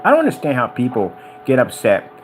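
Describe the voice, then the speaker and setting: A man talking casually and excitedly about projectors, rambling and wandering off topic. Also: mid-range voice, fairly quick, soft background music. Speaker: business owner reviewing projectors.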